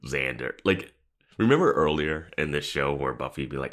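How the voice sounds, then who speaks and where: A very deep-voiced man co-hosting a podcast in a casual recap chat. His pitch swings widely as he fires off joking questions and chuckles between remarks. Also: expressive, moderate pace, a bit bright. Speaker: podcast co-host.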